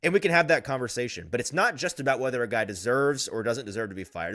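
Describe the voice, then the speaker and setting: A man hosting a sports talk show, reading out fan comments and ranting in an animated way with frequent chuckles. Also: medium pitch. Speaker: sports podcast host.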